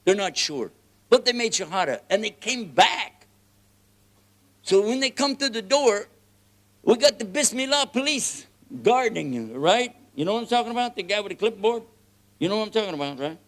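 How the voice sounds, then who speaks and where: A man with a Texan accent preaching a lively, joking sermon, often laughing and swinging between loud and soft. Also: high voice, moderate pace. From United States.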